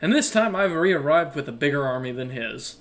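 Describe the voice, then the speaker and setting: A man's voice: a little high, animated, a little fast. A man playing a tabletop game, cocky and teasing, partly speaking in character. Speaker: player.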